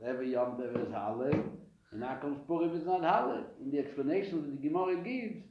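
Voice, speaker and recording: Rabbi, echoey lecture. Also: male voice, a little high, a little fast. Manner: animated, asks and answers his own questions; frequent hesitations and restarts. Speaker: rabbi teaching a weekly class. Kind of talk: live Torah class lecture. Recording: echoey room, dull lo-fi sound.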